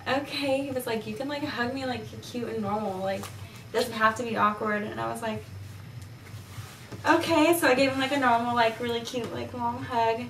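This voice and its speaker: Teen girl vlogger, rambling giggly storyteller, somewhat high voice, faint room hiss. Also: fairly even intonation, fairly quick, a bit bright, reverberant, recorded from a distance, rough recording. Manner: giggly, rambling with many "like" fillers. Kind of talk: casual chat.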